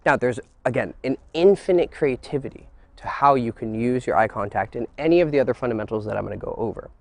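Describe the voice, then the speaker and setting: A man coaching other men on dating, in a dry, close recording. He moves between a teacherly tone and excited, crude asides, swearing casually as he explains. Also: medium pitch, quick pace, dry recording. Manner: animated, mixes teacherly talk with excited crude jokes. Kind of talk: instructional monologue.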